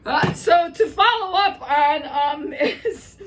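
A woman's voice: very high-pitched, expressive, slow. A middle-aged woman, a school lunch lady, giving casual morning announcements in a chatty, giggly way, laughing often. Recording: distant mic with faint ambient noise.

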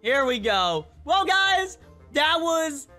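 A gaming channel host narrating role-play gameplay in an excitable way, often repeating short commands. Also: high-pitched, slow, soft background music.

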